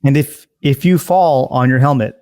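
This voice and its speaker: A man's voice: mid-range voice, moderate pace, warm tone, dry recording, studio quality. A man who laughs easily, a guest in a casual podcast chat.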